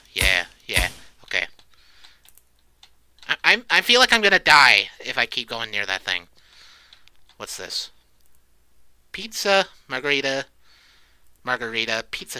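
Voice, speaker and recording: Jumpy cursing man, bright tense voice. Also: medium pitch, sing-song, measured pace, long pauses, clear, resonant tone, no echo. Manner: jumpy, swears often, shrieks when startled. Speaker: let's play creator. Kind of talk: horror game commentary.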